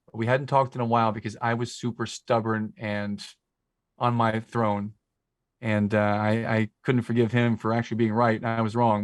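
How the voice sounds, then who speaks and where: A man in his forties with a mid-range voice is a podcast guest, talking casually into the microphone as a talkative, emotional, rambling storyteller. The studio-quality recording has no echo.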